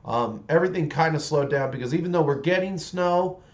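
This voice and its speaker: A man in his forties talks loosely to his livestream viewers while he paints, and his voice sits somewhat high for a man. His sentences wander and restart often as he rambles from one thought to the next. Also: brisk, lo-fi sound. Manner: rambling and chatty, with many restarts. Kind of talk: casual livestream chat.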